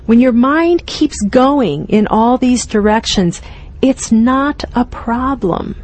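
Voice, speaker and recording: A middle-aged woman giving a gentle, unhurried talk as a meditation teacher at a retreat, with soft laughs and fillers. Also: fairly high pitch.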